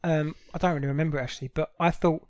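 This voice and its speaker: Chatty South London man, higher voice. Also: steady tone, rapid-fire, a little mellow, no room sound, highs cut off. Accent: South London English. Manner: talkative, swears casually, many fillers. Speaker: podcast co-host. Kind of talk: casual chat.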